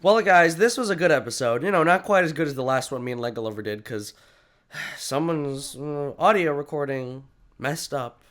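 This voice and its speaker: A man's voice: fairly high pitch, animated, normal speed, a bit bright. A young man hosting a casual podcast chat, joking and bantering combatively with his co-host.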